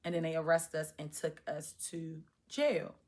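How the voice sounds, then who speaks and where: A woman in her thirties telling a personal story to the camera, animated and acting out her own past reactions. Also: sits low, moderate pace. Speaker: vlogger. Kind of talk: storytime monologue.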